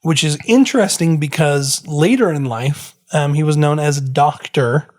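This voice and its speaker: A man's voice: fairly high pitch, unhurried, darkish tone. A man hosting a casual history podcast, explaining at length with frequent fillers and restarts. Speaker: podcast host.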